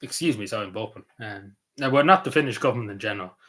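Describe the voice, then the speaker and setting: A man's voice: on the low side, racing, fairly bright tone. Rambling Irish man chatting casually. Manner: meandering, full of ums and likes. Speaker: streamer.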